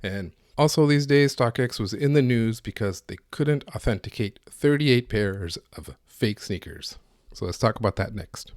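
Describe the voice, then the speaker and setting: A man's voice: mid-range voice, animated, a little slow, no echo, studio quality. A man hosting a solo podcast, talking in an opinionated, sardonic, ranting way. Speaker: podcast host.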